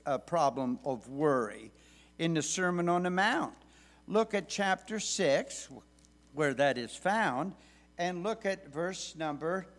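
A man preaches a sermon at an unhurried, deliberate pace. His voice sits noticeably high for a man, and he often stalls on short fillers as he thinks. When he reads scripture he lifts it and leans into key words. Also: a bit bright. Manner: measured, deliberate delivery with hesitant fillers; rises in pitch and force when reading scripture aloud.

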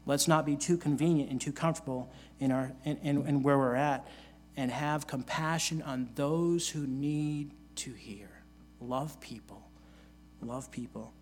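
A man's voice: mid-range voice, measured pace, a little hiss or hum. Earnest male pastor preaching scripture. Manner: earnest preaching, reading scripture aloud in old-fashioned wording; repeats key phrases for emphasis. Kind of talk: sermon.

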